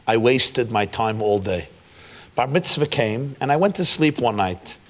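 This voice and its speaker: A man giving a storytelling sermon as keynote speaker, acting out the dialogue of the people in his tale and building to loud peaks. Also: mid-range voice. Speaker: rabbi giving a keynote address. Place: large hotel event hall.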